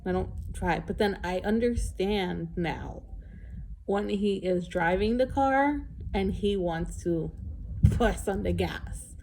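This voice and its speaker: Middle-aged woman, unhurried casual vlogger, warm mellow tone, candid and a bit emotional. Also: medium pitch, vocal fry. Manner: rambling and candid, with sighs and laughs. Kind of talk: casual chat.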